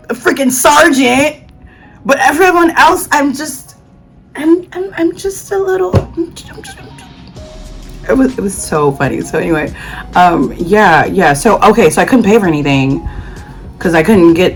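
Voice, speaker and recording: A young adult woman telling a casual travel story in a chatty, animated way, full of slang and dramatic asides. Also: mid-range voice, rough recording. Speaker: vlogger.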